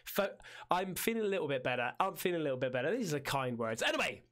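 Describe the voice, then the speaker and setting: Croaky man streaming with a chest infection. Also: on the high side, fast talker. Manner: lively, rambling, loud hyped greetings. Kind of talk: casual livestream chat.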